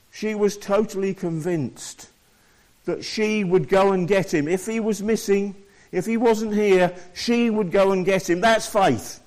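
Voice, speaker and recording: A male preacher with a fairly high voice works through a scripture passage. He reads it aloud, then stops to explain it to his listeners at a slow, measured pace. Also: a little mellow. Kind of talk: sermon.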